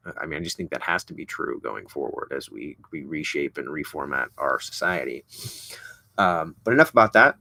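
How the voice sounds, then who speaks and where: This young whisky-reviewing vlogger has a bass voice that's animated, brisk, creaky, pushed and bright, recorded with no room sound. He unboxes and samples a whisky in casual chat, rambling through many fillers and false starts.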